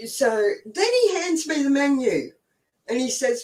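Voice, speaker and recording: A woman's voice: high voice, lively intonation, measured pace, a little mellow, far from the mic, rough recording. An Australian woman in her forties hosting a live stream, telling stories in a chatty way, swearing freely and laughing often. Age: 40s. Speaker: host. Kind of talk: casual live-stream storytelling.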